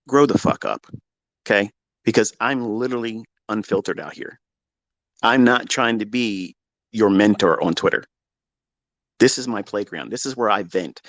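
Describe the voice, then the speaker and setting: Middle-aged guy, trading mentor ranting unfiltered from his basement, swears constantly, blows up yelling sometimes, dry close sound. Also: mid-range voice, dry recording. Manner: profane, blunt, swings into heated yelling. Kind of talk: unfiltered live audio-room rant. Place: home basement.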